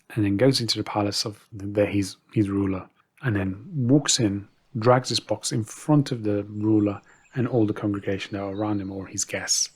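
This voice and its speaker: Husky-voiced male storyteller. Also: fairly low pitch, darkish tone. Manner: conversational, asides to the listener. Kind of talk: casual storytelling narration.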